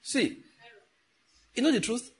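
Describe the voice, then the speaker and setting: A middle-aged Nigerian man, a pastor preaching a sermon in a conversational way with pidgin asides. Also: takes it slowly.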